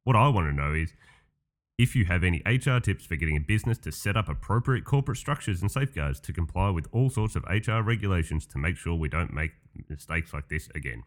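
A man's voice: low voice, expressive, quick pace. A man voicing a male boss of a large organisation, reading out a formal, earnest question. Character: male boss of a big organisation asking for advice.

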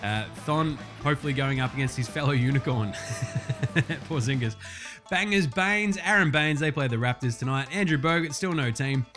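A young Australian man hosting a casual sports podcast, loose and profane, getting excited over stats. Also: mid-range voice, normal speed, faint music behind. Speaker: podcast host.

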